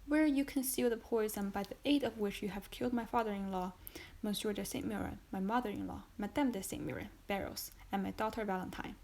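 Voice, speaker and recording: Casting: woman reading a stern, icy male magistrate, calm contempt, audiobook. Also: mid-range voice, fairly quick, close to an everyday voice, rough recording. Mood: cold. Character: cold, stern male magistrate accusing his wife.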